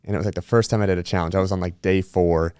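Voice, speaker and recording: This man hosts a casual podcast conversation, candidly telling animated stories with plenty of swearing. His low, clear, resonant voice moves very fast, captured in a dry studio-quality recording.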